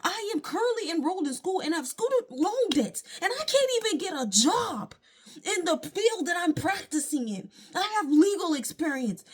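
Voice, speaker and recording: A high-voiced vlogger in her late 20s vents straight to camera from indoors at home. She rants emphatically in frustration, dropping religious asides along the way.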